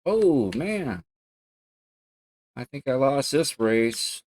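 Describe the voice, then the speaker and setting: A man chatting through a live-streamed racing game from his home setup, rambling easily between thoughts. His voice sits at an ordinary middle pitch, then jumps into loud yelps and swearing whenever a car wrecks. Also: big pitch swings, extremely slow, pauses often, low-quality recording. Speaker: gaming streamer. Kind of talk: casual live-stream commentary over gameplay.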